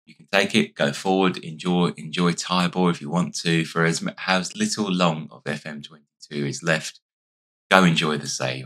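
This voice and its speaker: A man with a hoarse, fading voice giving casual let's-play commentary, chatting and thinking aloud as he plays. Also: very deep voice, pushed and bright. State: losing his voice. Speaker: gaming YouTuber.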